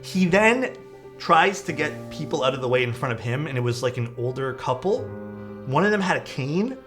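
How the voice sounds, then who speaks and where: A man's voice: a little high, expressive, normal speed, music in the background. A young man streaming from home, telling stories in a casual, laid-back way and swearing often.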